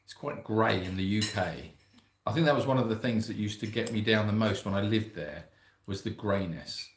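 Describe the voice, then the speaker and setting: A man's voice: lowish voice, normal speed, slight background noise. A man co-hosting a casual live stream, reading out viewer greetings and joking along. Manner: chatty, jokey, reads out viewer greetings. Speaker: sanctuary co-host reading live chat. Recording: roomy echo.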